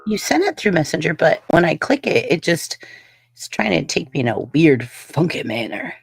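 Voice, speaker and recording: A woman's voice: low voice, big pitch swings, normal speed, gravelly, breathy edge, no room sound. A woman in a casual group voice chat who talks freely and swears casually.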